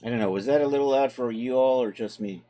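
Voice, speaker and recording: A man with a mid-range voice talks quickly while hosting a live tutorial stream for 3D software. Relaxed and chatty, he speaks casually to his chat as he works through the steps and thinks out loud.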